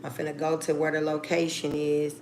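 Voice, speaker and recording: Gravelly low-voiced woman telling a story. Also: completely flat delivery, fairly quick, background noise. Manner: blunt, profane, acts out phone calls. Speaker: vlogger. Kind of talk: casual storytelling.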